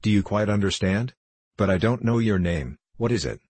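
A man doing a commanding rider who gives brisk orders and tests the boy he sends. the voice is very deep and husky, and it sits dry and close to the mic. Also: lively intonation, darkish tone, no echo. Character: commanding adult horseman, brisk and testing.

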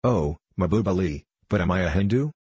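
A man's voice: low voice, animated, fairly quick, a little mellow, breathy edge, dry recording. A man reading the part of a cheeky, wheedling teenage street boy in a storybook. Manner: wheedling, playful.

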